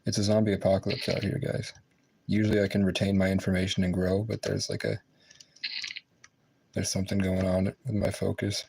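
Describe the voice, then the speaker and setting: A man's voice: low-pitched, monotone, a little fast, gravelly, darkish tone, breathy edge, poor audio. A man livestreaming casually while gaming, muttering to himself and swearing at the game. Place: room in a public building.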